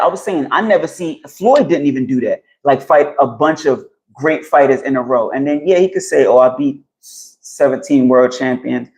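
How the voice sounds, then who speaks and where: A man rambling casually and profanely on a phone live stream while walking outdoors, getting animated as he talks. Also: medium pitch, poor audio. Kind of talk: casual live-stream chat about boxing. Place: outdoors in the heat. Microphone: phone held while walking outdoors.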